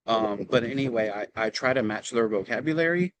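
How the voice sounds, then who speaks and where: A man with a Southern US accent, sharing sales tips in a relaxed, explanatory way at a team meeting over a video call. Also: mid-range voice, brisk, dry recording, poor audio. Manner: relaxed, explanatory, with frequent ums. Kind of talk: casual meeting talk. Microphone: video call microphone.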